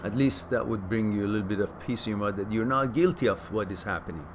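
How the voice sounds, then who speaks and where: A man hosting a question-and-answer stream, giving casual spoken advice that turns animated as he stresses points and repeats words. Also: on the low side, fast, noisy background. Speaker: host answering viewer questions.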